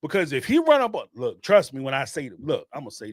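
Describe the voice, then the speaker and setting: A man's voice: mid-range voice, huge pitch swings, fast, few pauses, no room sound, studio quality. A middle-aged man hosting a live call-in show, talking emphatically in casual slang and repeating phrases for emphasis. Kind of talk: casual spoken commentary.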